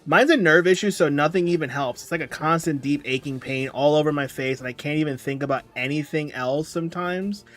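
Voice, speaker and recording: A man's voice: on the high side, fairly quick, few pauses, fairly bright tone. A tired young man chatting casually on a livestream, reading chat and rambling along. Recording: music playing faintly behind. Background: faint background music.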